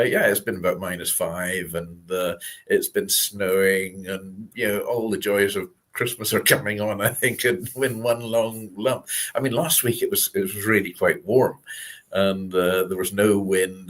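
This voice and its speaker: A Scottish man with a low, husky voice. He chats casually, laughs easily and pokes fun at himself. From Scotland. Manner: chatty, self-deprecating, laughs easily. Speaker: chef, regular team member. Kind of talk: casual chat.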